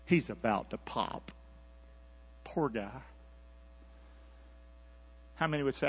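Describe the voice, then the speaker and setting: A male preacher giving a sermon in a folksy manner, coaxing the congregation to repeat lines with him, moving between hushed asides and loud, rising calls. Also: mid-range voice, lively intonation, takes it slowly, slightly rough. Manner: call-and-response, coaxing the congregation to repeat along. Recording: dull lo-fi recording with mains hum.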